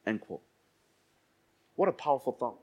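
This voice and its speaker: A male pastor preaching a sermon in church. He swings between hushed, slow lines and loud outbursts, and acts out quoted voices. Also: medium pitch, big pitch swings, slightly rough.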